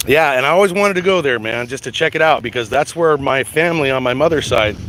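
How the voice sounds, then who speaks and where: A man's voice: mid-range voice, quick pace. A middle-aged man from the United States hosting a casual livestream chat, rambling with stammered restarts and casual swearing. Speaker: livestream host reading chat. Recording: steady background noise.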